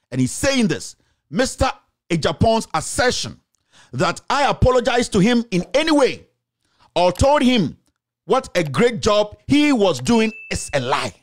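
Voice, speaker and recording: A man with a Ghanaian accent giving heated political commentary, scolding and emphatic, mixing in Twi phrases. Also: high voice.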